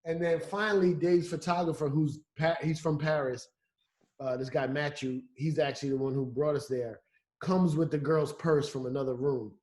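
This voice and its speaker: A man guest on a podcast telling a story in a casual, animated way, acting out what people said. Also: on the high side, moderate pace. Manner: animated, acting out quotes with restarts. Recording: roomy echo.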